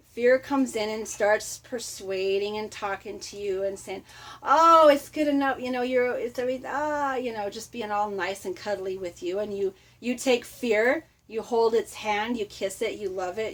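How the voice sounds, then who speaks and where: A middle-aged woman giving a casual motivational talk, chatty and animated, often laughing and acting out little quotes. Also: medium pitch. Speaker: motivational vlogger.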